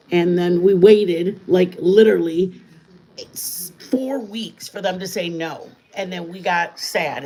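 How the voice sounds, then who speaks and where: A middle-aged woman hosting a casual home-kitchen live stream, chatting in a rambling, warm way with her viewers. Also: lowish voice, a little hiss or hum, rough recording. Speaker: channel host. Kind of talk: casual chat while cooking, live stream.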